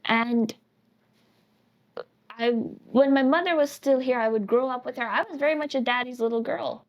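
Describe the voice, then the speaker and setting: A woman with a high, light voice shares a painful family story as a podcast guest. She speaks earnestly and often stops to restart or correct herself mid-sentence. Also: normal speed, muffled recording. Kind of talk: personal storytelling in a podcast interview.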